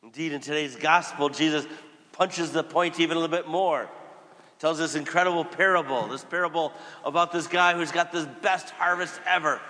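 A priest preaches in a conversational, storytelling way, acting out the people he quotes. His voice is bright and clear, and it rings with the long reverb of a church. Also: fairly high pitch, normal speed. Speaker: Catholic priest. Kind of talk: sermon.

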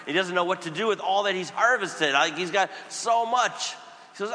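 Long church reverb surrounds a Catholic priest as he preaches at a normal speed in a high, sharp voice. His sermon takes the form of a conversational story in which he voices each character's words.

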